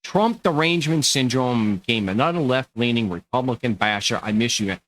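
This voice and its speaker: Man, Long Island accent, middle-aged, sarcastic, rambling, lively pitch swings. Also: moderate pace, poor audio. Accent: Long Island New York. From Long Island, New York. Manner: animated, sarcastic, rambling with restarts. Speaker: podcast host. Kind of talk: casual monologue to camera.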